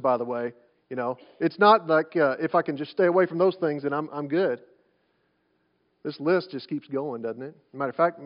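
A male pastor preaching a sermon in a conversational way, asking rhetorical questions and often restarting his phrases. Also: high voice. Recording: dull lo-fi sound.

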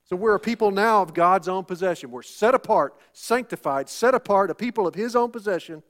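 A pastor with a high, light, somewhat bright voice delivers a sermon at a fairly quick pace. Emphatic and insistent, he relies on repeated lines and rhetorical questions, calling on the congregation for an "Amen".

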